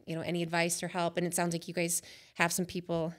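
A woman's voice: on the low side, completely flat delivery, quick pace. A woman guest on a church talk show, speaking about fitness in an upbeat, chatty way and laughing often. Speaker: guest, fitness coach from church hospitality team. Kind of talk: casual chat.

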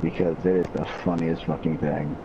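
A man's voice: rumbling low, level tone, moderate pace. A man chatting casually while playing a video game, rambling through crude jokes and laughing at them. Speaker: gamer. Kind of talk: casual gaming chat. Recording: muffled mic with noisy background.

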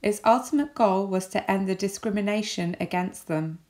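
A woman with an English accent, giving a recorded lesson as a teacher with clear, measured explanations. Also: medium pitch, a little mellow.

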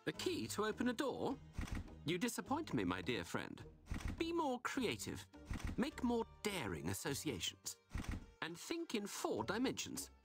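A man's voice: high-pitched, huge pitch swings, unhurried, full character voice. A man voicing a pompous, eccentric detective in a video game, with a grand, showy delivery. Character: eccentric, pompous male detective, theatrical and smug. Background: game music.

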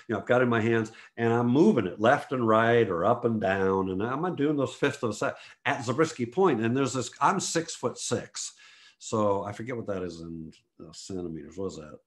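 A man from the United States, a photographer giving a motivational talk to an online group, telling stories and acting out what people said with big jumps in pitch. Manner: animated storyteller, acts out quotes with big pitch jumps.

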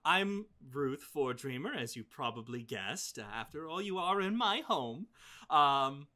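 A man voicing a gracious, doting elderly woman mage who fusses over her guests in quick, motherly chatter. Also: deep voice, sing-song, sharp tone, heavily acted. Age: older.

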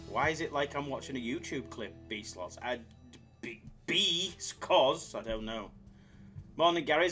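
A man's voice: medium pitch, fairly quick, fairly bright tone, faint music behind. A man hosting a casual live stream, bantering with chat in a laid-back way.

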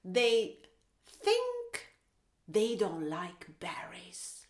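A woman voicing a gentle male bear in a picture-book reading, speaking low, slow and half-whispered. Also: wildly swooping pitch, reverberant, exaggerated voice. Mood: puzzled.

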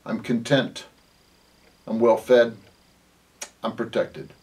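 A man, a pastor, giving a devotional Bible talk, reading scripture slowly and dwelling on single words, with many small fillers. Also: medium pitch, lively intonation, distant mic. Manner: reads scripture aloud, lingers on words, with fillers.

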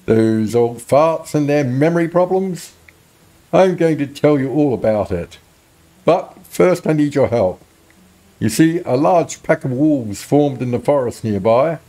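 A man's voice: fairly high pitch, warm tone. A man putting on a fretful village man. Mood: urgent. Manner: earnest, pleading. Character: worried middle-aged village man, fussy and chatty. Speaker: game character read aloud.

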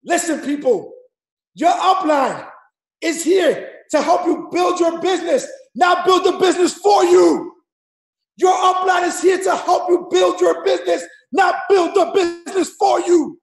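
A man who leads a network marketing team, shouting a motivational speech at his audience and repeating numbered points over and over. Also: very high-pitched, unhurried, a faint crowd. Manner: loud, repetitive, drilling the audience with numbered points; street-slang preaching, rough gravelly shouting. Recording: echoey room.

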